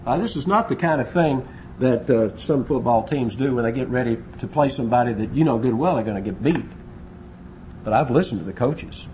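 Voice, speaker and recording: A man's voice: mid-range voice, fairly quick, dark tone, highs cut off, a little hiss or hum. A man preaching a sermon, asking rhetorical questions and acting out quotes. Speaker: pastor.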